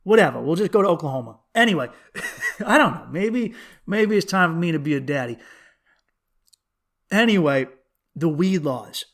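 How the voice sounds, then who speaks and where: A young man hosting a podcast, telling comedy road stories in a casual, profane, animated way. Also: normal speed, pauses often. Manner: animated, profane, jumps to high excited pitch when riled. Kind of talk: casual solo podcast storytelling.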